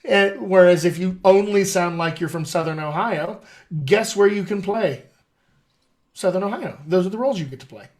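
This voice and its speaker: A man's voice: high-pitched, normal speed, a little mellow. A man hosting a casual live-stream chat as a dialect coach, talking in a chatty, upbeat way with folksy asides.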